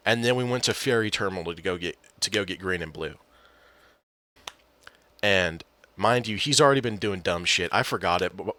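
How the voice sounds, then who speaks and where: Low-voiced man ranting about a teammate. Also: bright, forceful tone, no room sound. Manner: exasperated, profane, retells quotes. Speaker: gaming storyteller. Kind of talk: casual ranting storytime.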